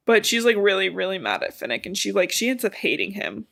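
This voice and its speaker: A woman's voice: mid-range voice, sing-song, brisk, creaky, hardly any pauses, fairly bright tone. A young woman podcast co-host retelling a novel's plot in casual chat, swearing freely and acting out the characters' lines. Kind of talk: casual book recap chat.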